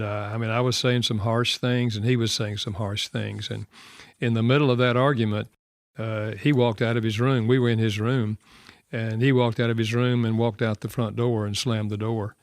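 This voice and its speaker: A man's voice: lowish voice, no room sound, clean studio sound. An older man with a Southern American accent, hosting a radio talk show, telling a personal story in an earnest, reflective way. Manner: earnest, reflective, softening to quiet. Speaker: radio show host and author.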